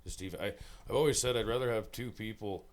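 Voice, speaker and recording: A man's voice: fairly low pitch, quick pace. A man from Saskatchewan, a musical guest chatting casually and telling stories with easy chuckles. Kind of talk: casual chat.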